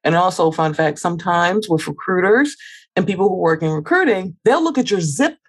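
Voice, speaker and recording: A woman co-hosting a casual podcast chat, emphatic and quick with sassy asides. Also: lowish voice, expressive, husky. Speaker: podcast co-host.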